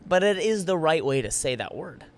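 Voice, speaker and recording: A man's voice: fairly high pitch, sing-song, moderate pace. A man co-hosting a podcast, asking playful, teasing questions in casual chat with rambling restarts. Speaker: podcast co-host.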